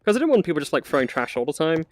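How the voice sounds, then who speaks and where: A man's voice: a little high, sing-song, racing, dry recording. A man giving a casual, chatty live-stream tour of a virtual apartment he built, with lots of fillers and frequent laughs. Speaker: community manager giving a VR tour.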